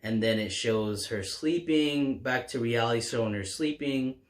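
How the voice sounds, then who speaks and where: A man's voice: mid-range voice, normal speed. A man casually recapping a horror comic as a reviewer, rambling along with lots of fillers and restarts. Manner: rambling, filler-heavy retelling.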